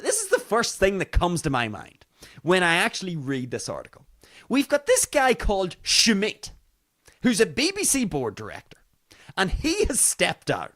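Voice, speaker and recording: A man hosts his own podcast, delivering mocking news commentary packed with rhetorical questions and casual swearing. His voice is high-pitched and a bit bright.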